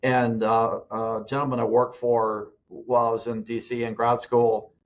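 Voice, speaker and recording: Relaxed man telling stories, dull audio. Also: medium pitch, normal speed. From US East Coast. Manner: relaxed storytelling, many fillers and restarts. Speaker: guest, nonprofit CEO. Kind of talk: casual interview talk.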